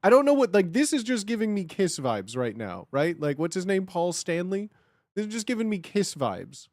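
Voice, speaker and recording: Hyped streamer dude reacting to videos, high bouncy voice, dry close sound. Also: male voice, moderate pace, no echo. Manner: excitable, slangy, repeats himself. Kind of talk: casual reaction commentary.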